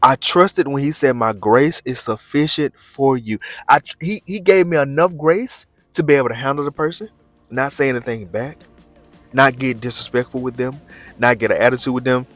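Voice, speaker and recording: A man's voice: medium pitch, normal speed, fairly bright tone, dry recording, faint music behind. A young man, talking loosely in a casual vlog and reflecting on faith with preacher-like emphasis. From Birmingham, Alabama, USA. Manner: loose and chatty, repeats phrases, preacher-like emphasis. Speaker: faith vlogger.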